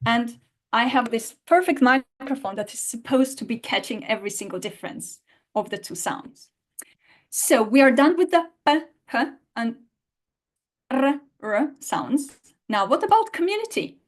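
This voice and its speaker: This woman, a language teacher, speaks at a normal speed in a fairly high, animated voice during a live online class. She reads out what students answered and repeats sounds so they can imitate her.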